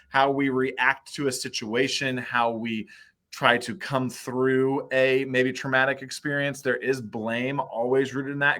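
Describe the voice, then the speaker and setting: A man's voice: mid-range voice, a bit bright. A man with a Midwestern American accent hosting a casual video chat in an upbeat, affirming way. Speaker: host, mayor. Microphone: video call.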